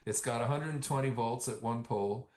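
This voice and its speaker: Measured older-sounding explainer in a roomy echo. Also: male voice, medium pitch, a little mellow. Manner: measured, uses everyday analogies, slows on key points. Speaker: interview guest explaining science. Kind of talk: explanatory interview talk.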